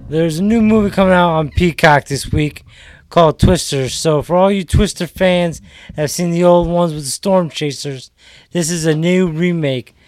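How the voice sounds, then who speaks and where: A man's voice: fairly high pitch, normal speed, a little mellow, dry recording. Man doing a casual DJ segment. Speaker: radio DJ. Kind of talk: casual radio chat.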